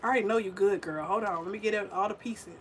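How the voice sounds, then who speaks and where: There's a little hiss or hum as a young woman, host of a vegan cooking livestream, chats sassily and directly with her viewers while cooking. She speaks fast in a mid-range voice.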